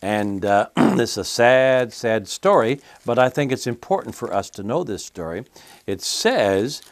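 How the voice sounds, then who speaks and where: A man's voice: medium pitch, expressive, a little slow, dry recording. A male preacher delivering a sermon in a folksy, conversational way, with casual asides to the congregation.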